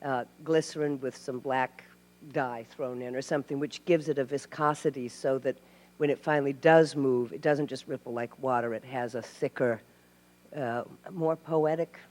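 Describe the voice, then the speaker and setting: A woman from Tennessee, a guest at a live Q&A, telling animated stories with laughs and restarts. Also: low voice. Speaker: actress guest. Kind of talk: live Q&A storytelling. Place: stage before a live audience. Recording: hall reverb.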